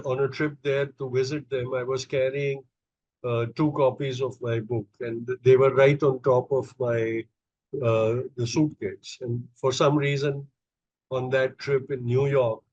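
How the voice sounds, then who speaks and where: A middle-aged man from India appears as a podcast guest, telling personal stories conversationally and hesitantly, full of fillers and restarts. His medium-pitched voice is a little mellow, and the lo-fi recording has no room sound.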